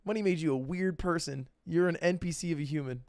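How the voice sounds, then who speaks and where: A man's voice: fairly high pitch, fast, darkish tone. A young man streaming and chatting casually with viewers, telling a story and acting out the voices of the people in it. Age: young adult.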